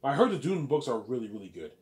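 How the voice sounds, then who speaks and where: A man's voice: medium pitch, big pitch swings, fast talker, a little mellow. A man rambling boastfully about his own book, swearing freely and repeating himself as he acts out imagined praise. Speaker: self-published author and vlogger.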